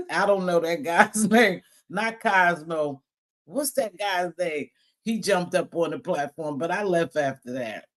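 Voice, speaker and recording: A woman's voice: on the low side, expressive, slow pace. A woman hosting a casual live chat stream, speaking bluntly and profanely, laughing often and greeting viewers as she talks. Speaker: livestream host.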